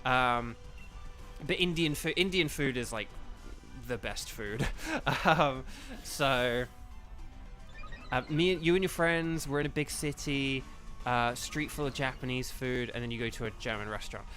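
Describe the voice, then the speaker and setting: Soft music sits under a man's unhurried, medium-pitched voice with a fairly bright tone. A streamer and voice actor, he casually chats with his viewers during a gaming stream, wandering through thoughts out loud.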